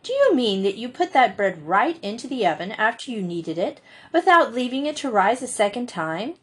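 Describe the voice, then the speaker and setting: A woman's voice: a little high, very animated, a bit bright, breathy edge, full character voice. A woman reading an audiobook, voicing a bossy, practical young girl who scolds and bustles. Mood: scolding. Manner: scolding, brisk.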